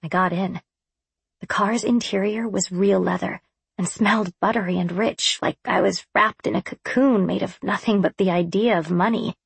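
A woman reads a first-person audiobook in a wry, expressive way. Her mid-pitched voice carries a slight husk. The recording is close and dry. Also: normal speed, vocal fry, slightly rough, dry recording. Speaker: audiobook narrator.

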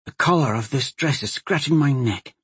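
A man's voice: medium pitch, moderate pace, a bit bright, husky, no echo. A man voicing a playful young crown princess who whispers teasingly. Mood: whispering.

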